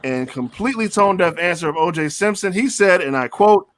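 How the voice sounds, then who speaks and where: A man hosting a casual sports talk show, animated and joking, repeating phrases for emphasis. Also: high voice, fairly quick.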